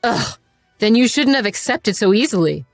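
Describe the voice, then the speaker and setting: A woman's voice: on the high side, sing-song, moderate pace, no echo, soft background music. A woman reading the lines of a blunt, short-tempered middle-aged boyfriend who turns insulting when drunk and sheepish when apologizing. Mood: irritated.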